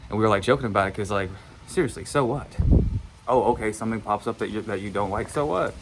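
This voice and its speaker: A man with a fairly low voice speaks straight to his listeners as a manifestation coach. He is blunt, circles back over the same points and swears casually. A faint hiss sits under the recording. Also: quick pace. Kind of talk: casual motivational monologue.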